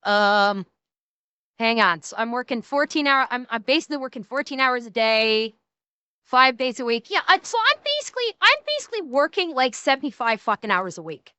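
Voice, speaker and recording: Brief: woman streamer, blunt and cursing, high bright voice, dry close sound. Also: sing-song, brisk, clear, resonant tone, dry recording. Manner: blunt, profane, ranting. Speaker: streamer reacting to a video. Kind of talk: casual reaction commentary.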